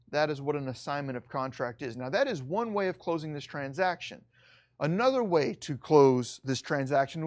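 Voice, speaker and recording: A middle-aged man teaching a recorded real estate lesson, explaining step by step and slowing down to stress key points. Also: a little high.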